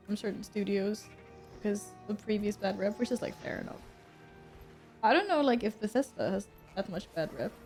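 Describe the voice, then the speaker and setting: A woman streamer chatting casually while she plays a game, reading out and answering her chat and laughing often. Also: mid-range voice.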